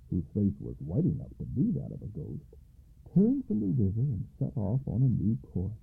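A man hosting a radio story program and reading a tale aloud in an expressive, dramatic way. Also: on the low side, vocal fry, husky. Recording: tinny lo-fi radio broadcast.

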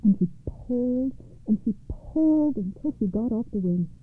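A woman reading fairy tales aloud in a steady, rhythmic storytelling manner. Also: fairly high pitch, moderate pace. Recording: tinny phone-like audio.

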